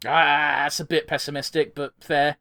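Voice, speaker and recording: Young male podcast co-host, high-pitched, excitable and profane, casual chat. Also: moderate pace, vocal fry. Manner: excitable, swears freely, laughs often.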